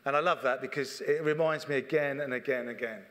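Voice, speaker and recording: A man's voice: mid-range voice, fast talker, fairly bright tone. A middle-aged man, a church leader, preaching a sermon in an earnest, conversational way and often repeating his phrases. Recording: long reverb of a church hall.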